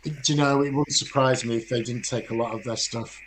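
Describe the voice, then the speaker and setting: Laid back guy explaining game stuff, average pitch. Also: fairly even intonation, fairly quick, over a noisy crowd, poor audio. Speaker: game master. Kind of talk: casual chat.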